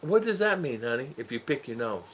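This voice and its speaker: A man's voice: medium pitch, very animated, brisk, fairly bright tone, breathy edge. A man co-hosting a casual live stream, joking with his wife and greeting viewers by name. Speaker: vlog co-host. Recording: dull lo-fi sound.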